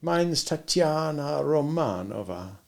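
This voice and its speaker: A man doing a soft coy young Russian woman. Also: a little high, expressive, slow, gravelly, pitched above the performer's own voice, heavily acted.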